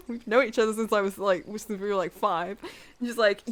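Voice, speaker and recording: A young woman streamer casually retelling a book she loves, animated, full of fillers and acted-out quotes. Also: mid-range voice, quick pace. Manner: animated storyteller, lots of "like", acts out dialogue in quotes. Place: home room while drawing on stream.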